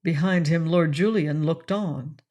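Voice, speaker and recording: A woman narrating an audiobook of a classic adventure novel in a steady storytelling read. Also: low voice, measured pace. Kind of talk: scripted narration.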